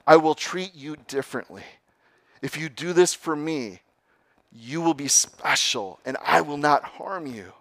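A cunning rattlesnake, voiced by a man in a sermon story, coaxing and pleading with slow, deliberate words. The voice sits a little above the speaker's own and carries more volume. The sound is close and dry. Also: a little high, animated, a bit bright, no room sound, pitched above the performer's own voice. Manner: pleading then coolly blunt. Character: cunning persuasive rattlesnake, male, sly.

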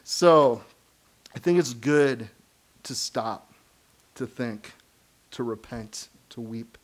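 Middle-aged guy preaching, emphatic, laughs a lot, middle pitch. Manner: earnest, emphatic preaching with frequent laughs and quick asides; acts out quoted voices of kids and believers. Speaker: pastor. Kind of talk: sermon.

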